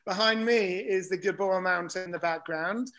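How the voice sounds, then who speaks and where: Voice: mid-range voice, moderate pace, a bit bright. A speaker giving a casual, anecdotal webinar talk with frequent fillers.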